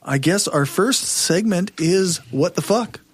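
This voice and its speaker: A man's voice: high voice, slow, a little hiss or hum. Upbeat man hosting a podcast. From Canada. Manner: upbeat, relaxed presenting. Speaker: podcast host. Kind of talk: casual chat.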